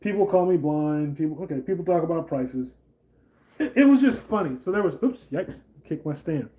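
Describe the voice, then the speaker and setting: A man's voice: fairly high pitch, lively intonation, normal speed, lo-fi sound. A man hosting a casual political commentary vlog, talking in a rambling, conversational way with lots of fillers. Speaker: channel host.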